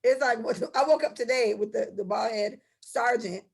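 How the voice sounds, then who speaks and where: A woman's voice: fairly high pitch, normal speed, vocal fry, breathy edge. A young woman co-hosting a casual podcast, telling stories in an impassioned, profane way. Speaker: podcast co-host.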